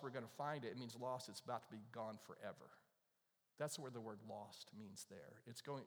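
A man preaching a conversational sermon, telling a story and asking the audience questions. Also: medium pitch. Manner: animated, asks the audience questions. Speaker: pastor. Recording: long reverb of a large hall.

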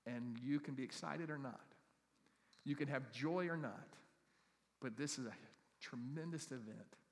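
A middle-aged man preaching a sermon as a pastor, with animated, humorous storytelling and asides to the congregation. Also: medium pitch, a little slow. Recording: long hall reverb.

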